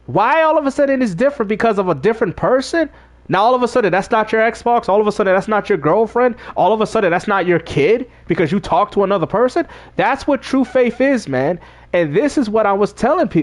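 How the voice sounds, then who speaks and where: A man's voice: high-pitched, expressive, brisk. A man streaming a game while talking casually to his chat, preachy and emphatic. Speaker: gaming streamer. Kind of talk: casual livestream talk.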